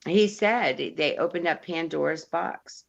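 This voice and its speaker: A woman in a casual spiritual chat, talking in a halting way and repeating words. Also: sits low, gravelly, dull audio.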